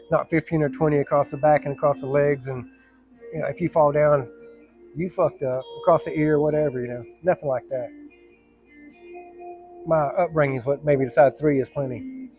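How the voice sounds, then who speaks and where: A man's voice: on the high side, steady tone, moderate pace, long pauses, a little mellow, faint music behind. A middle-aged man, a firefighter, telling a personal story to camera in a blunt, profane, rambling way with many restarts.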